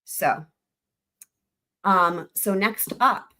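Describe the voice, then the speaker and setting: Woman streamer, bright and forceful voice, jokey, giggles through legal readings. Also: medium pitch, extremely slow. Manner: giggly, jokey, trails off into laughter. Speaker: livestream host. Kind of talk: casual livestream commentary reading court filings.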